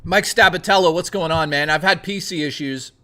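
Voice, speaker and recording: A young man is livestreaming, casually reading viewer messages aloud and riffing on them with lots of swearing. His voice is fairly high, bright and forceful, and he talks fairly quickly. The whole thing is loose, profane live stream chat.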